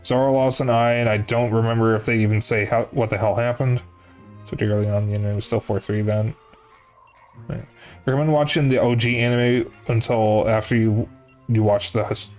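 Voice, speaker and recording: A young man with a medium-pitched, darkish voice talks a little fast while streaming to his viewers. He rambles loosely and corrects himself as he goes, dropping the odd curse, and faint music sits behind his voice.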